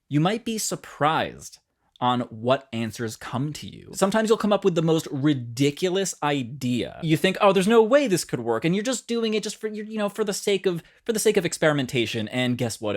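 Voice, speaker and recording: Upbeat man coaching songwriters. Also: fairly high pitch. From New York. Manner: energetic, encouraging, talks directly to viewers. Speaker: music teacher. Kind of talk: unscripted video lesson.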